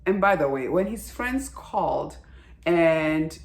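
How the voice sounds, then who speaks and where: A woman chatting casually in a vlog review of a TV drama, lively, acting out the characters' lines as she retells the plot. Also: low voice, slow pace, echoey room. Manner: animated, acts out characters' lines while retelling.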